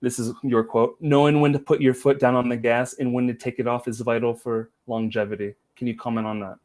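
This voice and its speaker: A man's voice: medium pitch, flat delivery, brisk, darkish tone. Chatty male podcast host. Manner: chatty, laughs easily, addresses viewers. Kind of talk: live-streamed casual interview.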